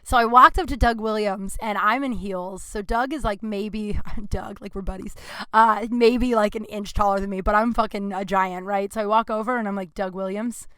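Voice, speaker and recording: A woman comedian hosting her podcast, telling stories in a blunt, profane, animated way. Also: medium pitch, normal speed, clear, resonant tone, no echo. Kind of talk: casual storytelling monologue. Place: indoor room.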